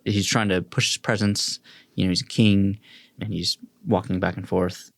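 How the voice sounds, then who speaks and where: A man narrating a tabletop fantasy game as game master, describing scenes in an unhurried way. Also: deep voice, flat delivery, dry recording.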